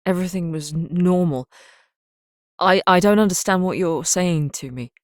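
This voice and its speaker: A woman reading a grief-stricken father's lines, halting and stammering through broken sentences. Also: fairly low pitch, dry recording, studio quality, close to an everyday voice. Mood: dazed, halting. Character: grief-stricken father in his forties, dazed and shaken.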